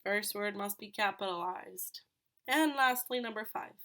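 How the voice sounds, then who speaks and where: A woman teacher records a lesson for third graders. She talks patiently and explains each step, asking the class questions along the way. Her voice sits at an ordinary middle pitch. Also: measured pace, pushed and bright.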